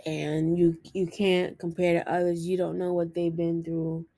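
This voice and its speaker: Woman vlogger, earnest and halting, speaks slowly in a low, mellow voice. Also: little pitch movement, dry recording. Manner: earnest, self-encouraging, halting. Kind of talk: personal confessional vlog.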